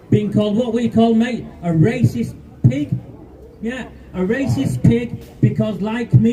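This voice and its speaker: A man's voice: high-pitched, warm tone. A man, giving an angry, defiant speech at a street protest. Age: 50s. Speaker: rally speaker. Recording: distant outdoor mic.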